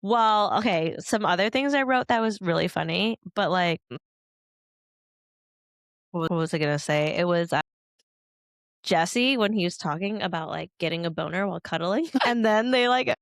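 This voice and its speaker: A woman's voice: on the low side, moderate pace, creaky, pauses often, no echo. Young woman, podcast co-host, chatty and giggly, dry close sound. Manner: chatty, lots of likes and laughs. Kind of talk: casual chat.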